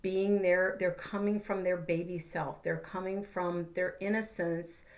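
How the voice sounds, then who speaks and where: Speaking at a measured pace with fairly even intonation, a life coach and therapist with a lowish voice delivers a relaxed spiritual lesson. Her manner is earnest and conversational, and she acts out examples in her own voice.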